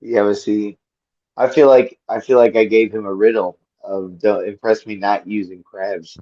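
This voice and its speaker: A man's voice: on the low side, level tone, moderate pace, mellow. A man playing a tabletop game in casual role-play chat, blunt and laid-back. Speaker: player. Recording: dull lo-fi mic.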